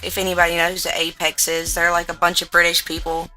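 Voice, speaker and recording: A young American woman with a hillbilly-ish Southern twang, chatting over a game in a casual vlog. Her voice is bright and a little sharp, and she tells her stories in a loud, profane way. There is faint music playing underneath her. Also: fairly low pitch, completely flat delivery, quick pace, rough recording. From United States. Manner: loud, profane, laughing storyteller with a drawl. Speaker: gaming YouTuber. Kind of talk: casual gaming vlog storytelling.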